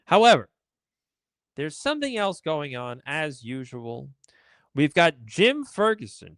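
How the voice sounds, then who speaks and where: A man rants through a solo political live stream with biting sarcasm and open indignation. His voice sits fairly high and swings up and down with lively emphasis. The sound is close and dry, with no room around it. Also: no echo. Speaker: political commentary host.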